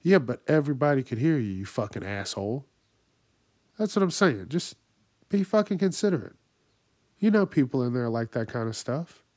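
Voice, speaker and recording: A man's voice: mid-range voice, very animated, moderate pace, long pauses, a little mellow, no room sound, clean studio sound. A man hosting a podcast, ranting angrily and swearing constantly, acting out other people in raised voices. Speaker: podcast host. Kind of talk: profane ranting monologue.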